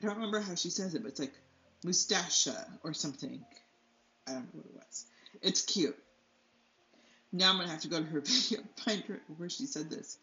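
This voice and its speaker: A woman's voice: fairly low pitch, a little fast, pauses often, bright, forceful tone. A woman artist chatting casually as she paints, rambling and losing her train of thought, laughing often, a little stuffy from allergies. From United States. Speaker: artist and channel host. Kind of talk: casual chat while painting. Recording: slightly dull, roomy, faint music.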